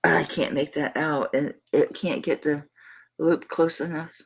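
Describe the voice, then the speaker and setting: A middle-aged Southern-accented woman keeps up casual, affectionate livestream chat with viewers during a live jewelry auction. Her voice sits low and steady in tone, unhurried, with vocal fry and a slightly rough quality. The recording is rough.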